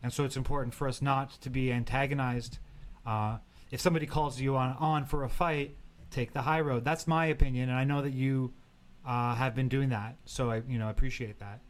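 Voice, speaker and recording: A man hosting a political talk show, giving opinions in a halting way with many fillers and restarts. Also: medium pitch, fairly even intonation. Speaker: show host.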